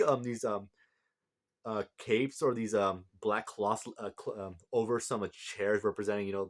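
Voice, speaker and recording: A tired man recapping a manga chapter in a casual, rambling way with many fillers and restarts. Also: fairly low pitch. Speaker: manga reviewer.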